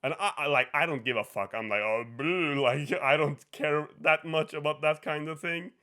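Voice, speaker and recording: A young man with a Norwegian accent, hosting a podcast and telling an animated story, swearing and laughing often as he acts out what people said. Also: on the high side, moderate pace. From Norway. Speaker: podcast host. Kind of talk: casual chat, storytelling.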